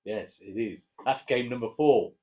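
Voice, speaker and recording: A man with an English accent casually chatting through football match predictions, relaxed and hesitant with fillers. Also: mid-range voice, a little slow, slightly rough. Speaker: co-host giving match predictions. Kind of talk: casual chat.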